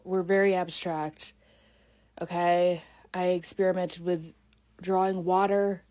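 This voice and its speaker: A woman's voice: lowish voice, a little mellow. Bubbly chatty young woman vlogger. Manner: bubbly, chatty, self-interrupting. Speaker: artist vlogger. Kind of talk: casual vlog narration.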